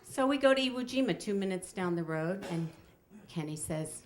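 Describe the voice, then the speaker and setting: A middle-aged woman telling a personal story on stage before an audience, wry and animated, slowing down to land each punchline. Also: fairly low pitch. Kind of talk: live storytelling performance.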